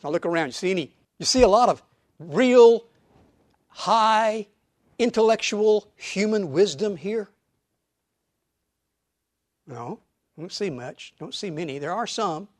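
Male preacher, high voice, dry close sound, emphatic sermon with quiet asides. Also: no echo. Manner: emphatic preaching with rhetorical questions and sudden drops to quiet asides. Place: church auditorium.

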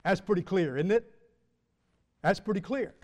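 A man, a Baptist pastor, teaching the Bible to his congregation in church, measured and emphatic, slowing and rising when he reads scripture. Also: high voice, lively intonation, a little mellow, long reverb tail.

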